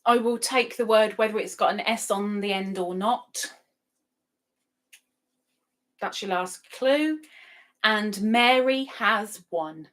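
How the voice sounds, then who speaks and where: Speaking slowly and pausing often, a woman with a medium-pitched, fairly bright voice hosts a casual live stream. She chats, reads out viewer comments, and laughs frequently.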